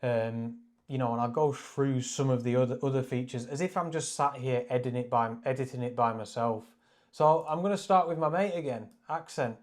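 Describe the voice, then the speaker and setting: Brief: male photography vlogger, mid-pitched, chatty, excitable, screen-recorded editing tutorial. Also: brisk. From Wales. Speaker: photography YouTuber.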